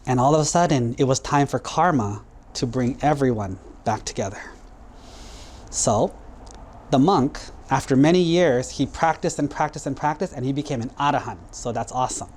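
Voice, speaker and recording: A man's voice: medium pitch, moderate pace, a little mellow, a little hiss or hum. A man, a Buddhist monk, telling a moral story to children in a casual, conversational way. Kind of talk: storytelling sermon for kids.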